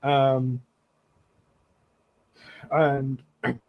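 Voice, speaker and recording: A man co-hosting a casual sports podcast, speaking haltingly with many fillers and restarts. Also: mid-range voice, monotone, phone-quality sound. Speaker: podcast co-host.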